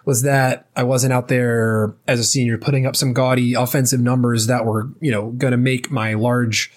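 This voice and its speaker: A man in his late twenties, a former ballplayer, telling his story casually as an interview guest, loose and chatty with many fillers. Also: mid-range voice. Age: late 20s.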